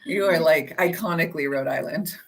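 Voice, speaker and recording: A woman's voice: low voice, fairly quick, a little hiss or hum. A woman with a Canadian accent, hosting a talk show in a chatty, laughing way. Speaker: host. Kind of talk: casual chat.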